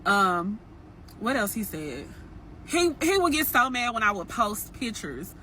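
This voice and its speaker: A woman's voice: mid-range voice, very animated, unhurried, sharp tone, slight background noise. A young woman telling a personal dating story to her viewers in a casual, frank, chatty way. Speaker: storytime vlogger.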